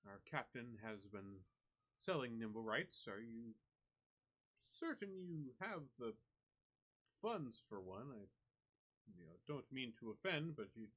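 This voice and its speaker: A man's voice: fairly low pitch, animated, slow pace, pauses often, a bit bright, heavily acted, rough recording. A man voicing a wary male drow dockworker who is politely condescending, in a tabletop game. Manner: politely dismissive.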